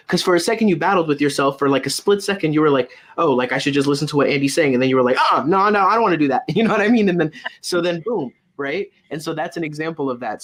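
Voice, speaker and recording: A man co-hosting a spiritual reading, talking casually and animatedly, often asking "right?". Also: fairly high pitch. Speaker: medium and co-reader.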